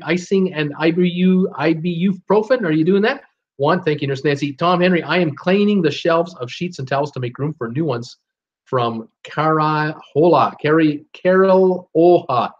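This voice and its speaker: Man, host, casual live-stream chat, reads comments aloud, lots of ums and uhs, slightly high voice, dull lo-fi sound. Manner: reads viewer comments aloud with many fillers and restarts.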